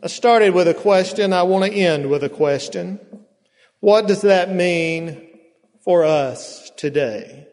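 A male pastor, preaching a sermon in a slow, drawn-out storytelling manner with emphatic pauses. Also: high voice, darkish tone. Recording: long hall reverb.

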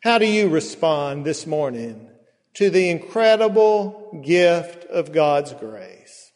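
A male pastor, preaching a sermon in a slow, drawn-out storytelling manner with emphatic pauses. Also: a little high, big pitch swings, a little mellow. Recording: long hall reverb.

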